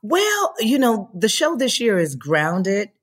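A woman actress talking casually in an interview, animated and acting out the voices she quotes. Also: on the high side, takes it slowly, breathy edge. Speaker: actress guest.

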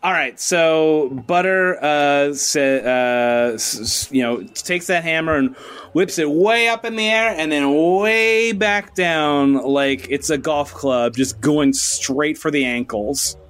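A man's voice: on the high side, takes it slowly, fairly bright tone, clean tone. A man playing a tabletop game, describing his character's actions with hesitations and stammers. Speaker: player. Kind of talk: tabletop role-play.

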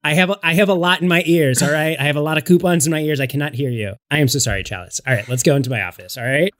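A man's voice: fairly high pitch, racing, fairly bright tone. Rambling man repeating "all right". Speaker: player. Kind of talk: comedic role-play in a tabletop game.

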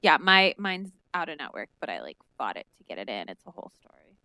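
A woman's voice: sits low, big pitch swings, fast, sharp tone, no echo. A woman co-hosting a podcast in casual chat, frank and blunt, swearing casually. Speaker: podcast co-host.

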